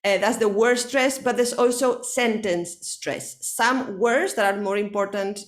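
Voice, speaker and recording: Her voice sits in the mid range as she, a woman with Spanish as her first language, tutors one student in English online. Slow explanations, a steady stream of "okay?" checks, and brief Spanish asides mark her teaching.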